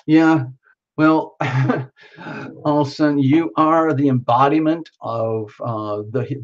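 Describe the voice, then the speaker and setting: A man's voice: medium pitch, darkish tone, highs cut off. A man hosting a live tarot stream, chatting casually to viewers in a rambling, playful, teasing way. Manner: rambling, playful and teasing, with many fillers and restarts.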